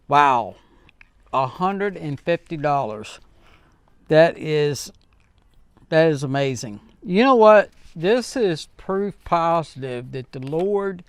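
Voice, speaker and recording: A man hosting his own vlog, talking earnestly and heartfelt to viewers in a halting way, with many fillers and restarts. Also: fairly high pitch, expressive, smooth. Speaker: channel host. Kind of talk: casual vlog talk to viewers.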